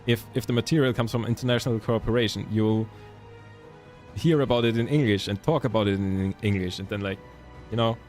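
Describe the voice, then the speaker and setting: A man's voice: fairly low pitch, steady tone, brisk, a little mellow, soft background music. A young man from Germany with a German accent, chatting casually with stream viewers and rambling with many self-corrections. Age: young adult.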